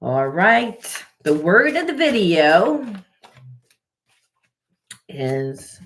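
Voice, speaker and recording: Low-voiced woman giving a tarot reading. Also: big pitch swings, drawn-out words, fairly bright tone. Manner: earnest, conversational, repeats herself. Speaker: spiritual coach and tarot reader. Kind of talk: casual tarot reading monologue.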